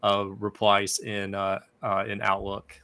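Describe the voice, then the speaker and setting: A man chatting casually in a tech discussion, relaxed and a little halting. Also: on the low side, creaky, clean tone. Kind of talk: casual chat.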